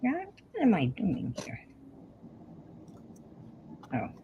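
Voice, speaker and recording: A woman's voice: fairly low pitch, wildly swooping pitch, takes it slowly, phone-quality sound, background noise. A woman hosting a craft livestream, chatting casually and muttering to herself as she works. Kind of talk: casual chat while crafting.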